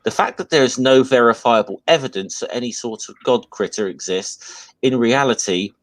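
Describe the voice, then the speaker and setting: A man's voice: medium pitch, moderate pace, dry recording, poor audio. A British man in casual chat, reading comments aloud in an easygoing way. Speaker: guest.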